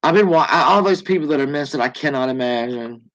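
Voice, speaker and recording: A woman's voice: extremely low pitch, lively intonation, quick pace, dull audio. A woman in her forties hosting a livestream in casual chat, joking and swearing freely as she rambles. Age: 40s. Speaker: livestream host.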